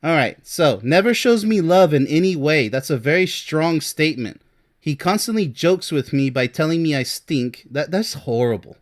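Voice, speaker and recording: A man's voice: on the high side, animated, moderate pace. A man working as a relationship coach, giving emphatic advice on a reader's letter, firing rhetorical questions and laughing in disbelief.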